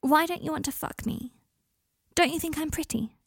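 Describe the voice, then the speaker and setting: A woman's voice: high-pitched, normal speed, dry recording, clean studio sound, voice pushed up. A woman voicing a drunk, needy teenage girl in a storybook reading, pouting and sing-song. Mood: tipsy. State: tipsy.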